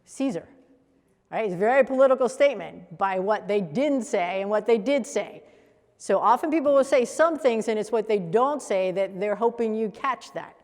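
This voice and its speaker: A woman leading a coaching workshop for a live group, animated and acting out example voices as she teaches. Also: medium pitch, moderate pace. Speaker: coach trainer. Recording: echoey hall reverb.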